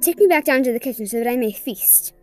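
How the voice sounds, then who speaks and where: A cruel walking corpse with a menacing, hissing way of speaking, read out by a woman. The voice sits high, with quiet music playing faintly behind it in this storytelling recording. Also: animated, fast, lightly acted. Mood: commanding. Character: evil murderous male corpse, cruel.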